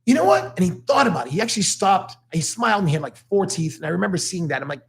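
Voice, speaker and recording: A man who talks fast and with constant energy, slightly high in pitch. He tells stories as a motivational guest on a studio talk show, in a loose, conversational way. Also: very animated, gravelly.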